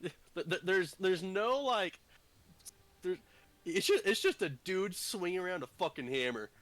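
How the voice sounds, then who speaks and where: A man's voice: high-pitched, expressive, measured pace, a bit bright, no room sound. A man playing a tabletop game, rambling casually with restarts and swearing. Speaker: player.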